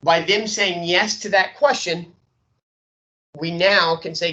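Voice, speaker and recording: A man's voice: high-pitched, fairly even intonation, slow, sharp tone, muffled recording. A man teaching a sales training lecture, checking in often with "okay?" and demonstrating inflections.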